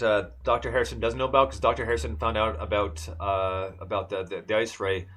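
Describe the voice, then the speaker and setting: A man's voice: fairly low pitch, fairly bright tone. A man on a podcast chatting casually through an episode recap, full of fillers and restarts. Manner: rambling, many fillers and restarts. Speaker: podcast co-host.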